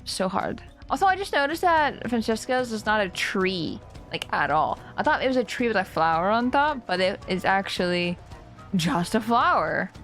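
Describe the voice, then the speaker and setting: A woman's voice: medium pitch, big pitch swings, moderate pace, a bit bright, soft background music. A young adult woman streaming a video game, chatting casually and playfully with viewers. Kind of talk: casual gameplay commentary.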